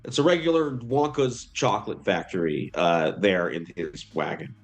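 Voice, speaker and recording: A man's voice: low-pitched, moderate pace, faint music behind. A man narrating a tabletop game as game master, rambling with many fillers.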